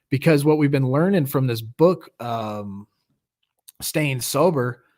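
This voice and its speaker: An earnest man hosts a livestreamed recovery meeting from home, his voice sitting at an ordinary middle pitch. He talks in a loose, casual way, drifting between encouragement and reading out warning signs. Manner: earnest, loose and conversational, leads group prayer.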